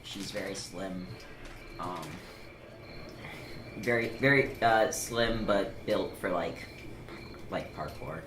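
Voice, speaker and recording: A woman describing her tabletop character in casual chat, halting with many ums and the odd curse. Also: very deep voice, a bit bright. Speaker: player. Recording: echoey room with background noise.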